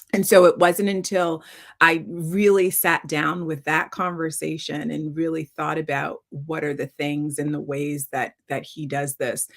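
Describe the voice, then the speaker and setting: A middle-aged woman author telling stories on a video call, lively and acting out the quotes of others. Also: low voice. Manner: animated storytelling, acting out quotes. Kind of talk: virtual author talk.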